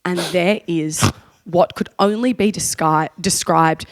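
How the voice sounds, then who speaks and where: A woman's voice: on the low side, slow. Woman, Australian accent, podcast co-host, casual storytelling, playful quoting. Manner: animated storytelling, acting out quotes. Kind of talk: casual chat.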